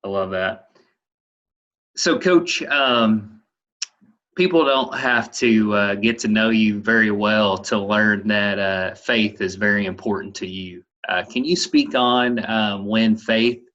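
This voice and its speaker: A man hosting a casual interview, asking slow and hesitant questions. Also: on the low side, steady tone, fairly bright tone. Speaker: podcast host. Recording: dull lo-fi audio.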